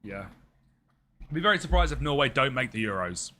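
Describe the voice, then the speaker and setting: A young man streams a game and chats loosely, wandering from point to point and greeting viewers by name. His voice is bright and forward, sitting in an ordinary middle pitch. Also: sing-song, brisk. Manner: rambling, chatty, answers chat viewers by name. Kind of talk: casual live-stream chat while gaming.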